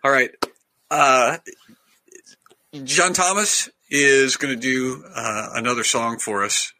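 A man's voice: mid-range voice, takes it slowly, bright, forceful tone. A man hosting a casual video-call chat, talking in a hesitant, chatty way and laughing often. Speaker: host.

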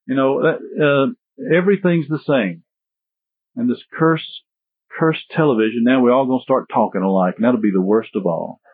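A man with a Southern US accent preaching a sermon as pastor in a folksy, animated way. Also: mid-range voice, moderate pace, husky, no room sound. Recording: tinny phone-like sound.

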